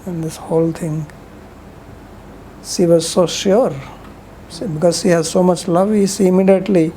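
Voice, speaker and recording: Lady giving a scripture talk, chatty and rambly, kinda low voice, little bit of hiss. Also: fairly even intonation, moderate pace, mellow, low-quality recording. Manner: rambling, conversational, frequent "you know" asides. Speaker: scripture lecturer. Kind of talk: storytelling lecture on scripture.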